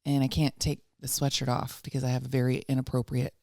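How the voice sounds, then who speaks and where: A woman's voice: rumbling low, little pitch movement, fast, vocal fry, warm tone, no room sound, studio quality. A woman co-hosting a podcast, chatting casually in a rambling, self-deprecating way and laughing often. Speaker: podcast co-host.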